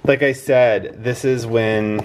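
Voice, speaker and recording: A man's voice: medium pitch, fairly even intonation, takes it slowly, a little mellow, slight background noise. A man hosting his own daily home vlog, chatting casually and filling his talk with "like". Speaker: vlog host.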